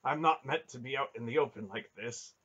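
A man voicing a devout, austere male cave-dweller who speaks quietly and tersely, on a dull lo-fi recording. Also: medium pitch, a little fast, breathy edge, voice pushed up.

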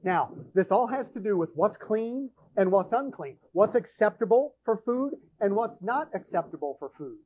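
A man's voice: high-pitched, expressive, normal speed, hardly any pauses, a little mellow, rough recording. A man hosting a church show, teaching from the Bible in an emphatic way, often repeating words as he thinks aloud.

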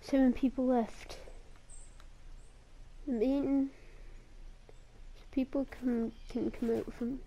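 A woman's voice: high-pitched, level tone, slow, long pauses, muffled recording, background noise. A woman giving live commentary while playing a battle royale game, muttering to herself and breaking into sarcastic, swearing outbursts. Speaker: gamer.

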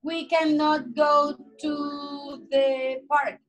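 Gender: woman. Pitch: high. Pace: slow. Style: sing-song online class for young children on a video call. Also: little pitch movement, faint music behind. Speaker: preschool teacher. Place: at home.

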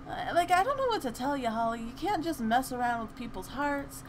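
Young female let's-play host, bright high voice, very animated, gossipy commentary. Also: a little fast, noisy background. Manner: animated, gushing, chatty with laughter. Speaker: gaming channel host.

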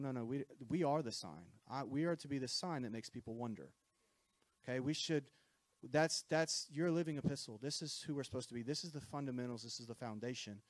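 A man's voice: medium pitch, no room sound. A man preaching a sermon to a congregation in a conversational style, often checking in with "right?" and repeating himself. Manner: conversational preaching with frequent "right?" asides and repetitions.

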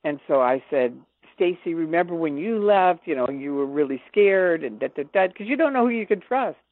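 Older female guest, lively storyteller who acts out quotes; tinny, dry phone audio. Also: lowish voice, normal speed, no echo. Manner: animated, acts out quoted dialogue. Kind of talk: personal storytelling in an interview.

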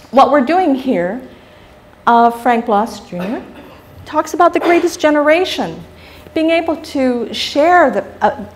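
A middle-aged woman from Guam is giving a public talk. Her voice sits high, and she tells her stories with animation, turning often to the audience with questions. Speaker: guest speaker.

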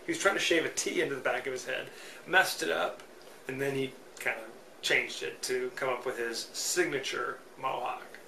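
A man's voice: mid-range voice, fairly even intonation, normal speed, creaky, bright, forceful tone. A man hosting a solo podcast, giving chatty, joking, opinionated movie commentary. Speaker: podcast host. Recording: roomy, distant mic, faint noise.

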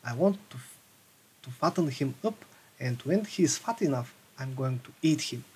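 A man's voice: mid-range voice, lively intonation, normal speed, a little mellow, husky. A man reading as a bossy old witch. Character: wicked old woman witch, bossy and greedy. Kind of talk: storybook reading.

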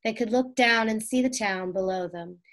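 A woman's voice: fairly high pitch, normal speed, a bit bright. Woman reading a children's story aloud. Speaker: reader. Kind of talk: storybook read-aloud narration.

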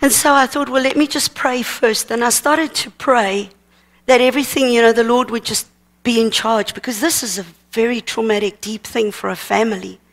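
Woman, sermon testimony, earnest, emotional storytelling, slightly high voice. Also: steady tone, normal speed. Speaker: minister teaching at a seminar.

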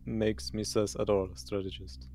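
A low-pitched man speaks in casual game voice chat. He defends himself by walking through his actions one step at a time. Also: flat delivery, measured pace, creaky, a little mellow, soft background music. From Germany. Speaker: game player.

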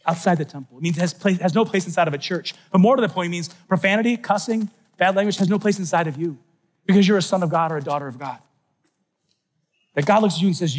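A middle-aged man giving an animated faith talk at a youth conference, telling stories with sudden shouts and soft asides. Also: high-pitched, fast talker. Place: large conference hall.

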